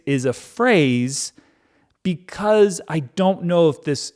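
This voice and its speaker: A man's voice: a little high, animated, slow pace, darkish tone. A man reading the Bible aloud and commenting on it casually with a sarcastic, irreverent manner. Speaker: Bible reading channel host.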